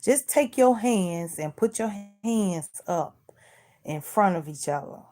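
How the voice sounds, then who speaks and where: A woman's voice: medium pitch, lively intonation, slow, warm tone. A middle-aged woman vlogger in casual chat, earnestly preaching life advice and repeating herself.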